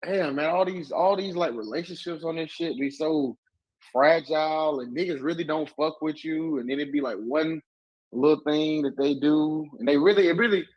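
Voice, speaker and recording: A man's voice: a little high, normal speed, muffled recording. A man in casual livestream chat, telling a story in laid-back slang. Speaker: stream panelist. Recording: roomy echo.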